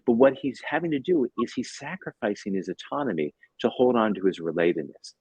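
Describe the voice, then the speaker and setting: A man in his fifties, a tutor and author, telling a story as a podcast guest in a lively way, acting out bits of dialogue and often repeating words. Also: medium pitch, a little fast, husky, no echo, poor audio.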